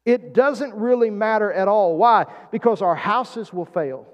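A man's voice: high-pitched, measured pace, lo-fi sound. A man preaching a sermon as pastor, drawing the congregation in with calls and questions. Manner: preaching with call-and-response prompts. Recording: long hall reverb.

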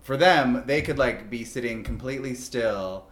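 A man's voice: mid-range voice, normal speed, reverberant. Man, 30s, podcast host. Frank, jokey, loose delivery. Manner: frank, joking, lots of fillers. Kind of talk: casual podcast chat.

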